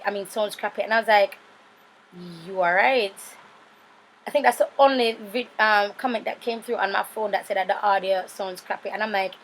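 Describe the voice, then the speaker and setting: This Jamaican-accented beauty vlogger, in her thirties, sounds drowsy and tired while she talks through a makeup tutorial voice-over, rambling to her viewers as she goes. Her pitch is fairly high, and slight noise sits in the background.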